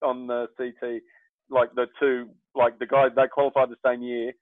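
An Australian man talks shop in a casual chat, blunt and lively, swearing freely as he tells his stories. His voice comes through a narrow, tinny band. The sound is dry and close. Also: mid-range voice, moderate pace, no room sound. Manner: blunt, animated storytelling with swearing. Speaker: surf coach guest.

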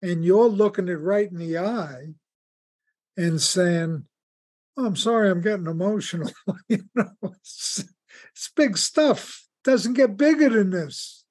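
A man hosting an interview, speaking in an earnest, measured, affirming way. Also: high voice, lively intonation, darkish tone. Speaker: podcast host. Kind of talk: conversational interview.

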